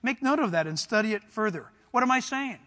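A male preacher with a very high, bright voice that rings through a long hall reverb. He presses his congregation with direct questions and climbs into fervent shouting. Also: expressive, fairly quick. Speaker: pastor. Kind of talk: sermon.

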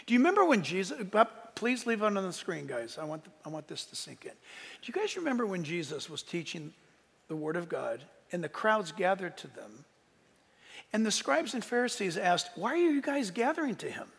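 A man preaching a sermon in a conversational way, with asides to the congregation and shouted peaks of emphasis. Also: high voice, big pitch swings, moderate pace, creaky, slightly rough, long reverb tail. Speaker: pastor.

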